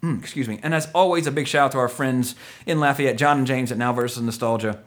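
A man's voice: medium pitch, quick pace. A man hosting a podcast in casual chat, rambling and joking, often correcting himself mid-sentence. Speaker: podcast host.

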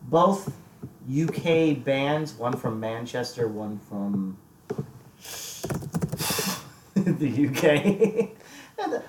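A man co-hosting a casual music podcast, laid-back and quick to laugh, with hesitant trailing phrasing. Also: mid-range voice, animated, roomy sound, background noise. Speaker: podcast co-host. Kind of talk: casual chat about music.

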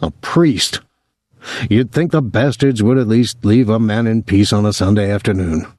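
A man voicing a gruff, irritable working-class father, middle-aged and quick to take offense. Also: on the low side, darkish tone, no echo, clean studio sound, natural voice. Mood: grumbling.

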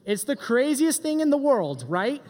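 A middle-aged man giving a joking, animated youth sermon as a pastor. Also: extremely high pitch, moderate pace. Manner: joking, animated, does silly voices. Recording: long hall reverb.

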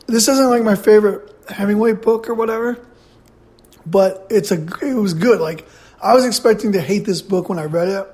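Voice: mid-range voice, darkish tone. A podcast host rambling through a blunt, profane solo movie review while eating.

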